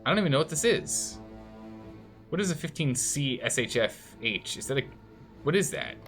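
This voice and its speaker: A man's voice: medium pitch, sing-song, moderate pace, a bit bright, faint music behind. A man streaming a strategy game and commenting live, thinking aloud and scolding the game's nations in mock outrage.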